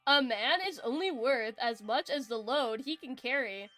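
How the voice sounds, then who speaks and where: A woman voicing a brash male gang leader with a gruff, swaggering delivery while reading game dialogue aloud. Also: a little high, normal speed, a bit bright, lightly acted.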